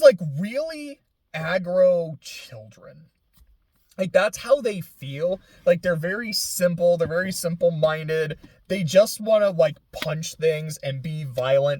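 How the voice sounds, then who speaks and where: A man's voice: a little high, a little mellow, dry recording. A young man casually chatting about a video game, rambling with lots of fillers and laughing through near tears. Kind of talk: casual gaming chat.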